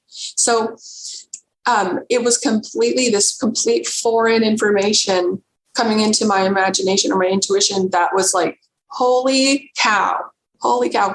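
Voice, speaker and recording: A woman's voice: mid-range voice, a bit bright. Earnest woman telling a personal story. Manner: earnest, emotional, halting storyteller. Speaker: podcast guest. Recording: roomy echo with faint background noise.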